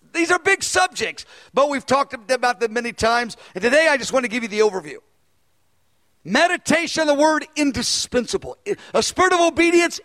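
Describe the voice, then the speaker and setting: A man preaching a sermon and teaching a Bible study, animated, and acting out dialogue when he tells stories. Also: very high voice. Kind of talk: sermon with storytelling.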